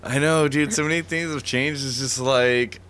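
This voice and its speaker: A man's voice: mid-range voice, steady tone, normal speed, a bit bright, slight background noise. A man in his thirties telling stories in a casual chat, laid-back, swearing and laughing.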